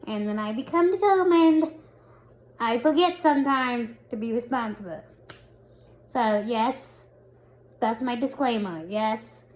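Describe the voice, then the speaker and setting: Woman, 30s, high voice, casual storytelling, animated, self-mocking, vlog. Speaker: vlogger.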